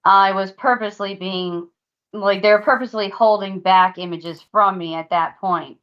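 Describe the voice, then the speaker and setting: A woman's voice: mid-range voice, steady tone, moderate pace, dull audio. A woman co-hosting a paranormal podcast, earnestly recounting at length what spirits showed her. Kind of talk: casual podcast discussion.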